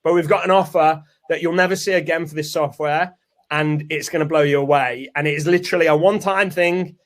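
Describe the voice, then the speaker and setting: A man hosting a live product launch webinar, chatty and salesy. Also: sits high. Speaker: webinar host.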